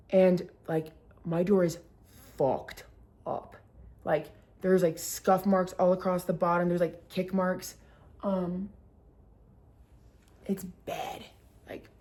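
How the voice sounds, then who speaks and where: Casting: young woman, storytime vlogger, lowish voice, animated, swears a lot, peppers everything with "like". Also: slight background noise. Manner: animated, swearing, heavy use of "like". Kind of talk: casual storytime vlog.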